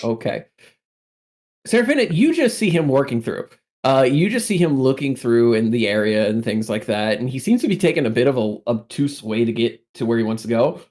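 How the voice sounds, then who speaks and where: A man's voice: mid-range voice, animated, brisk, a little mellow. A man running a tabletop game as game master, narrating loosely with many fillers.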